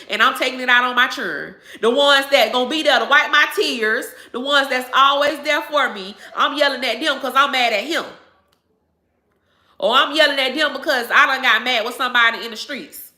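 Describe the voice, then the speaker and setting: Woman, 30s, YouTube host talking straight to viewers; blunt, preachy, curses, bright high-ish voice, echoey room. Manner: blunt, preachy, repeats phrases, swears freely. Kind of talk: casual chat to viewers.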